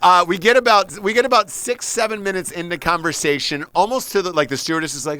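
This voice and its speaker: A podcast host tells a rambling story in a bright, forceful voice that sits a little high for a man. He acts out each person in it and swears freely. The sound is dry and close. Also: brisk, few pauses, clear, resonant tone, no echo. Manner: animated, profane, acts out the people in his stories. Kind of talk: casual storytelling chat.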